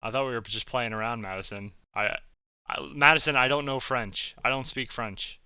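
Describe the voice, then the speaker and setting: A young man giving jokey, excitable commentary while chatting with a chatbot, with sudden loud outbursts. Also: mid-range voice, normal speed, smooth, no echo, lo-fi sound. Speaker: comedy YouTuber. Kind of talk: casual reaction commentary.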